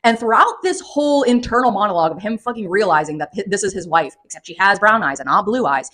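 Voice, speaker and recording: A woman giving a casual, profane and sarcastic spoken book review, recapping the plot with animated energy. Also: medium pitch, fast talker.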